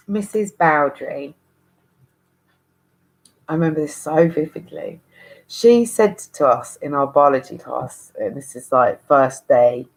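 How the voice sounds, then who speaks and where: A woman's voice: deep voice, low-quality recording. A woman in her thirties talking candidly to camera, frank and rambling, with swearing and frequent restarts. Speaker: vlogger. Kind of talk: candid monologue.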